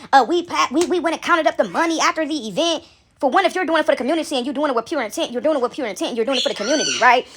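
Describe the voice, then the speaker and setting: A woman telling a story in a casual way, calling her listeners y'all and checking in with "right?". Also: high voice. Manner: animated, addresses listeners as y'all, asks "right?".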